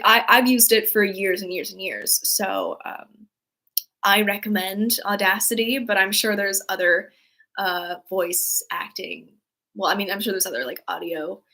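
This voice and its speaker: A woman hosting a casual livestream, rambling with many fillers and restarts as she reads out chat messages. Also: medium pitch. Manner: worries her flat delivery sounds sarcastic. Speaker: livestream host reading chat.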